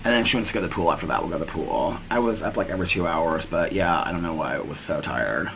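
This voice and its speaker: A middle-aged vlogger chats casually from his front porch in a daily vlog, retelling his day with quoted back-and-forth dialogue. His voice sits low, is a bit bright, and moves fast, with slight background noise.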